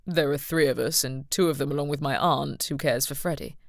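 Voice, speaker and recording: A woman's voice: low-pitched, brisk, gravelly, no echo, clean studio sound. A woman voicing an earnest young lord. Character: young noble heir, a man, blunt and earnest. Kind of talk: audiobook narration.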